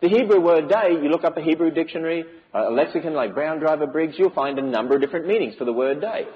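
A man's voice: a little high, quick pace, lo-fi sound. A man giving an emphatic preaching lecture to a church audience, with many rhetorical questions. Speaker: speaker on biblical creation.

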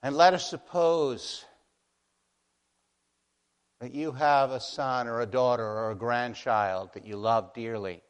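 A man preaching a sermon, moving between hushed, slow passages and loud, impassioned warnings. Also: mid-range voice, clear, resonant tone. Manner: dramatic, swings from hushed to impassioned. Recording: long hall reverb.

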